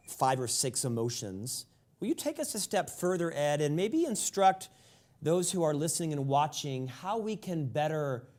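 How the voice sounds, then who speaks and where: A man's voice: a little high, a little mellow. A man hosting a podcast, asking reflective interview questions and searching for words with fillers. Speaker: podcast host.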